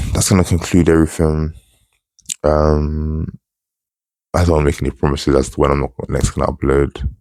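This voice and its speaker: A young man, talking casually and low-key in a monotone to camera for his own vlog. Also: vocal fry, no room sound, clean studio sound. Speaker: channel host. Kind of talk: casual solo vlog chat.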